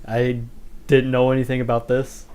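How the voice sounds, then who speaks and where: A man's voice: medium pitch, monotone, normal speed, a little mellow, clean tone. A man co-hosting a casual podcast chat, laid-back and self-deprecating, often laughing. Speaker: podcast co-host. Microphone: headphones on, at a desk mic.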